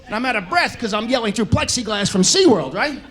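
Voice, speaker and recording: A man doing stand-up storytelling, shouting punchlines and acting out the people in his stories. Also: high-pitched, a little fast. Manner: animated, shouts punchlines, acts out characters. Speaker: stand-up comedian. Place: comedy stage.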